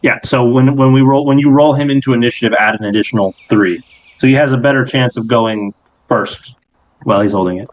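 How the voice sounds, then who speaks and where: A man's voice: mid-range voice, brisk. Man narrating a tabletop game, lo-fi. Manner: animated, rambling storytelling. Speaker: game master.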